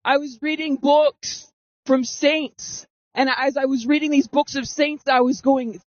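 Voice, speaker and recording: A woman's voice: high voice, fairly even intonation, a little slow, no echo. A woman around thirty telling her own story in earnest, dramatic fashion, re-enacting her past reactions, through a voice masking filter. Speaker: storyteller giving personal testimony. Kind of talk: first-person storytelling. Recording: dull, dry, masked voice recording.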